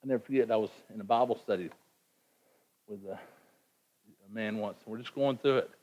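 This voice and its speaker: A man's voice: lowish voice, normal speed, darkish tone, muffled recording. A man preaching a sermon in an earnest, emphatic way, often repeating words as he presses a point. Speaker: pastor.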